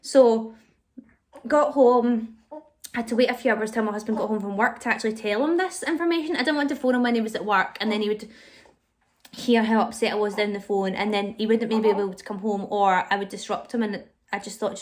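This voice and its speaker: A woman's voice: mid-range voice, fairly quick. A young woman telling her own pregnancy story to camera, candid and emotional, with frequent fillers and restarts. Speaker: vlogger.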